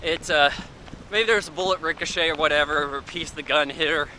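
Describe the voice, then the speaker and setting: A man's voice: a little high, quick pace, sharp tone, a little hiss or hum, rough recording. A man giving a casual, rambling spoken film review in an offhand way. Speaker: movie reviewer.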